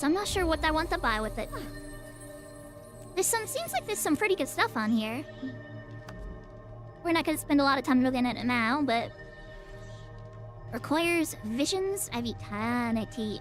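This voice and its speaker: A woman's voice: high voice, lively intonation, moderate pace, long pauses, faint music behind. A woman streamer giving chatty, playful, self-mocking commentary while playing a game. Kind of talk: casual gameplay commentary.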